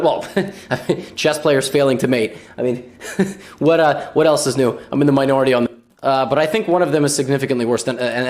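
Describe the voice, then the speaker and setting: A man giving comedic chess commentary, teasing and sarcastic, breaking into shrieks of disbelief at blunders. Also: on the high side. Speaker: chess commentator and channel host.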